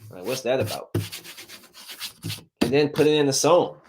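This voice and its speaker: A man's voice: medium pitch, moderate pace, slight background noise. A man hosting a solo podcast, chatting loosely and acting out quotes in a studio. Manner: loose and animated, acts out quotes. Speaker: podcast host. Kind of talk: casual solo podcast chat. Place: home recording studio. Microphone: studio mic.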